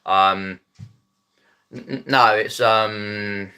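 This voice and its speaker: This Epsom, Surrey man has a South East English Mockney accent and a low, steady, clear voice that's pushed, bright and resonant, with drawn-out words. He chats casually to viewers on a phone live stream, rambling with plenty of ums and restarts.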